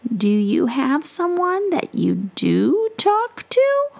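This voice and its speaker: A woman voicing a gentle, wise and playful witch in a breathy, half-whispered story voice. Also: high-pitched, wildly swooping pitch, slow, pitched above the performer's own voice, exaggerated voice. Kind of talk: whispered role-play.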